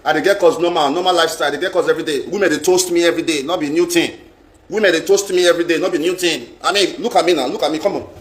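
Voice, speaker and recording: Nigerian man, high pitch, emphatic live-stream vlogger, echoey room. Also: racing. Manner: emphatic, repeats phrases, mixes in pidgin. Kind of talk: casual live-stream rant. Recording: roomy echo.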